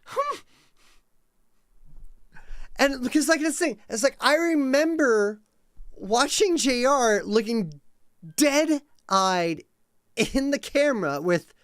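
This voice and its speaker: A man in his thirties rambles slowly and animatedly through a casual live-stream chat, swearing freely and dropping in lots of "likes" and "uhs." His pitch swings widely up and down, and the sound is dry with no room echo.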